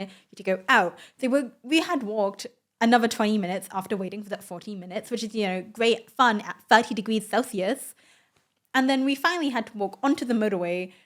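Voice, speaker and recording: A young adult woman, a vlogger, telling a story in a casual voice-over, chatty and excitable, full of "like" and "oh my god". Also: medium pitch.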